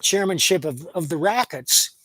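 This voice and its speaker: A man reviewing a film in a casual, opinionated way, retelling the plot at length. His voice sits slightly high. The recording is dry and close, with no room sound. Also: animated, normal speed, a bit bright, no room sound, rough recording. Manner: plain-spoken, opinionated, retelling plots at length. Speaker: movie reviewer.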